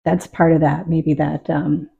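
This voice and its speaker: Calm, husky middle-aged woman. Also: low voice, measured pace, narrow, tinny audio. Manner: calm, reflective, openly emotional. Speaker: painter. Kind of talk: casual talk while painting.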